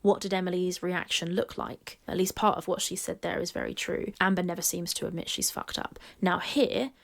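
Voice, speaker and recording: A woman's voice: on the low side, steady tone, moderate pace, vocal fry. A woman giving blunt, analytical commentary who swears freely. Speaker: video commentator. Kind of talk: narrated commentary.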